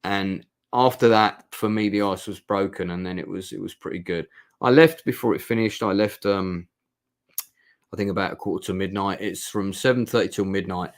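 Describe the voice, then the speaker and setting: Vlogger, male, 50s, low-pitched voice, rambling and heartfelt. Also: moderate pace. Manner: chatty, rambling, heartfelt storytelling. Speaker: vlogger reviewing a club night. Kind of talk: casual spoken review.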